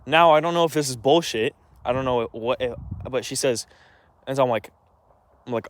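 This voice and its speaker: A man's voice: mid-range voice, normal speed, no echo. A young man telling a long personal story in a rambling, agitated way, with many restarts and some swearing. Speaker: vlogger. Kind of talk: casual storytelling rant.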